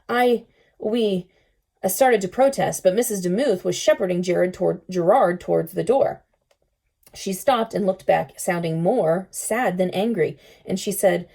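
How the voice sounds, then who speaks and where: Teacher read-aloud, woman, warm dark tone, calm and expressive. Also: on the low side, normal speed, gravelly. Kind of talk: reading a children's novel aloud.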